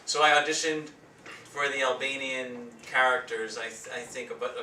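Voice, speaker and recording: Joking actor with a very bright voice. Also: male voice, mid-range voice, moderate pace. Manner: joking, lively delivery. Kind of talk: post-show interview. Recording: roomy, from far off, light noise.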